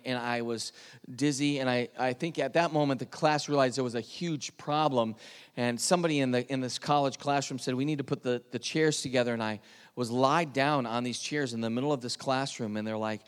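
Earnest male testimony speaker, slightly high voice, lingering hall reverb. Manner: earnest storytelling, drops to hushed tones at tense moments. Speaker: speaker telling his testimony. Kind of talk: personal testimony talk.

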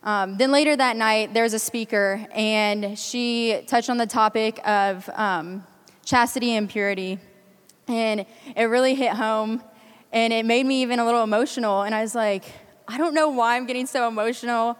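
A woman's voice: a little high, fairly even intonation, normal speed, clear, resonant tone. Eighteen-year-old woman giving testimony in hall. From Kansas City area, US Midwest. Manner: earnest, frequent ums, chatty storytelling. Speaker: youth conference speaker giving testimony. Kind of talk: personal faith testimony to a crowd. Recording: long hall reverb.

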